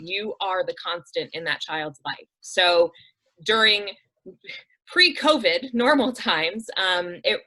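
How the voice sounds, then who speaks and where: A mid-range, sharp-toned female voice comes through a rough recording. Speaking as a guest on an interview show, this nonprofit director shares heartfelt stories earnestly and conversationally, peppering them with "um" and "like" and imitating the voices of those she quotes.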